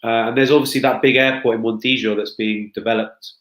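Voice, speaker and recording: A man's voice: medium pitch, fairly even intonation, fast talker, a bit bright, roomy sound, rough recording. A man speaking as a guest consultant in a casual chat, chatty, with frequent restarts and fillers.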